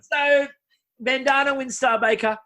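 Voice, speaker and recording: A man's voice: very high-pitched, fairly even intonation, measured pace, bright, forceful tone. Playful man podcast host. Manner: playful, joking, steering the talk. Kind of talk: casual chat.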